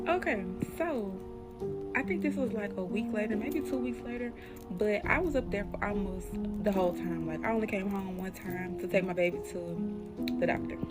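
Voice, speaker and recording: A young woman from Alabama, casually telling a true spooky story straight to her viewers. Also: mid-range voice. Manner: chatty, addresses viewers as y'all, drops to a hushed tone for spooky parts. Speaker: storyteller, channel host.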